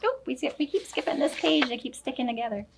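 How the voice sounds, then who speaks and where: A woman teacher working one-on-one with a young child, speaking slowly, simply and encouragingly as she explains a reading activity. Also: high-pitched, expressive, gravelly, noisy background. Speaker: elementary school teacher.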